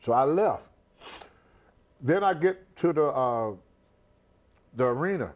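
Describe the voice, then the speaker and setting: This retired wrestler, an older American, speaks slowly in a slightly high voice, and the recording's highs are cut off. Recounting a story in a shoot interview, he's lively, repeating words and impersonating the people he describes.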